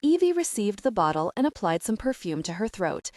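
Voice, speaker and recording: A woman narrating an audiobook in clear, even storytelling. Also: medium pitch, a little fast, no echo, studio quality. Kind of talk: scripted narration.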